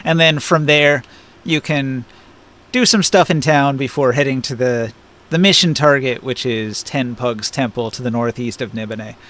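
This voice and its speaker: A man's voice: mid-range voice, moderate pace, fairly bright tone. A man running a tabletop game on a live stream, chatty and explaining with many fillers. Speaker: game master.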